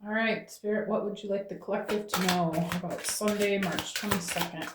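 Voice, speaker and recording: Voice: medium pitch, steady tone, a little fast, very noisy. A tarot reader giving a channeled reading to viewers, talking aloud to Spirit and tagging phrases with "okay?". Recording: roomy echo.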